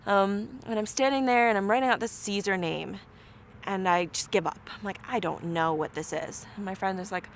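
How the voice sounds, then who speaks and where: A woman's voice: medium pitch, fairly quick. A woman telling a personal story in an interview, acting out what people said to her. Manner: animated, acts out quoted dialogue.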